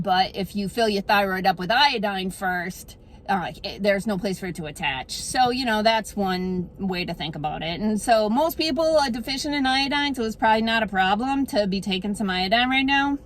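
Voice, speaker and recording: A woman naturopath in a comedic monologue, joking deadpan in a put-on Boston accent. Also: mid-range voice, moderate pace, a little hiss or hum. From Wisconsin. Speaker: naturopath giving health advice.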